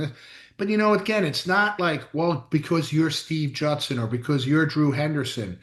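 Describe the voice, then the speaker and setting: A man's voice: a little high, expressive, normal speed, fairly bright tone. A middle-aged man, a chiropractor co-hosting a casual chat, telling blunt, emphatic stories with some mild swearing. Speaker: chiropractor, podcast co-host. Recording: echoey room.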